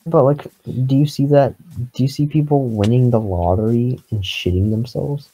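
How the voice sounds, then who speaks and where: A man's voice: medium pitch, moderate pace, mellow, slightly rough, low-quality recording. A man chatting with a friend during a game, giving short, giggly replies. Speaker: gaming friend. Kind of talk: casual gaming chat.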